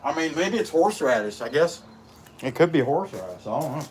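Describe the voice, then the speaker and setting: This folksy live-stream chat comes from a middle-aged chainsaw carver who mumbles through a mouthful while fixing a chainsaw in his workshop. His pitch is fairly high and swings widely, his delivery a touch fast, and a faint hiss or hum sits under the audio.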